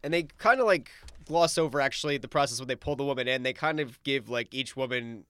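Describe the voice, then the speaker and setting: A young adult man on a podcast, recapping a film's plot in a relaxed, casual way. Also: medium pitch, fast talker, clear, resonant tone, no room sound, clean studio sound. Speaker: podcast co-host. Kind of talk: casual film-review chat.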